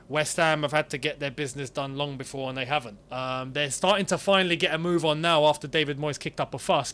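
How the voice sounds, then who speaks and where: A man co-hosting a casual football chat, giving measured, thoughtful opinions. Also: fairly high pitch, fairly bright tone. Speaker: football podcast co-host.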